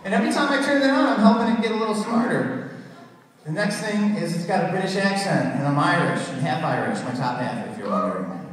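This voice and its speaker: A man in his thirties with a high, expressive voice talks quickly through a crude, rambling stand-up set on a theater stage, doing many put-on voices. The recording is echoey and distant, as if from far off in a hall.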